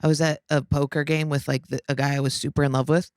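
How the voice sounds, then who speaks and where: A woman chatting casually on a podcast, telling stories in an animated way. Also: sits low, fast, no room sound, studio quality. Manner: animated storytelling. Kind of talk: casual chat.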